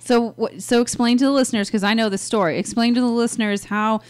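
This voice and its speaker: A woman's voice: a little high, steady tone, quick pace, smooth. A woman hosting a podcast, chiming in with short comments and prompting her guest to explain. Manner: supportive backchannels, laughs along. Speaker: podcast host. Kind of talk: casual chat.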